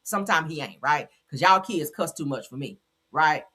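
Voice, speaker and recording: A woman's voice: low-pitched, moderate pace, slightly rough. A woman hosting a gossip commentary show, talking bluntly and sassily with plenty of cursing. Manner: blunt, profane, sassy and animated. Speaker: commentary channel host.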